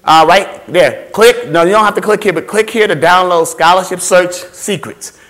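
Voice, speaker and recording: A man giving an animated motivational talk to students about finding scholarships, playful and repetitive, acting out voices and sounds. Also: high voice, moderate pace. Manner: playful, repeats phrases, acts out voices and sounds. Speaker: scholarship workshop speaker.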